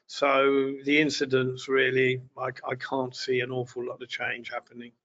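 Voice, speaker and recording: A man who owns an estate agency speaks on an online webinar panel. His voice is bright and slightly tense, and it stays level in pitch. He sounds plain-spoken and reassuring, over dull lo-fi audio. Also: completely flat delivery, normal speed.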